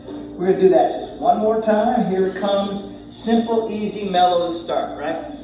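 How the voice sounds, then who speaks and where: A man guiding a yoga warm-up, cueing breaths and poses in a relaxed, joking way as he moves. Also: high-pitched, unhurried. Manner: relaxed, joking, talks while moving through poses. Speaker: yoga instructor. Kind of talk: guided yoga class. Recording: very echoey room, distant mic, faint music.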